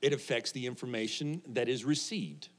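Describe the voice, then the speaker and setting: A man's voice: mid-range voice, normal speed. A middle-aged pastor preaching to his congregation in a loose, conversational way. He jokes, laughs often and keeps throwing questions out to the people in front of him. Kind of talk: sermon.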